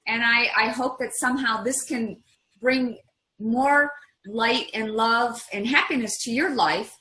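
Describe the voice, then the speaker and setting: A woman's voice: a little high, sharp tone, roomy sound, rough recording. A woman hosting a live online training, encouraging and upbeat with her participants. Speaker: host.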